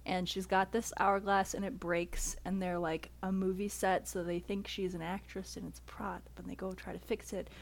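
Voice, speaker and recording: A woman co-hosting a podcast in casual chat, talking fast and laughing often as she recaps movie plots. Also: mid-range voice, level tone, gravelly. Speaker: podcast co-host.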